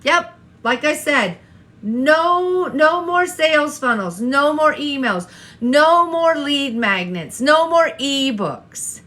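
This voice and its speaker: High bright-voiced woman coaching viewers. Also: expressive, slow. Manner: repetitive, rhetorical questions to viewers. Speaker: online business coach. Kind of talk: live-stream coaching talk.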